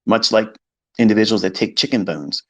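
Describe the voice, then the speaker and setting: Talking a little fast in a voice on the low side, a trading educator addresses listeners in his live audio space. The casual monologue is blunt and forceful, laced with swearing and impressions of the people who doubt him.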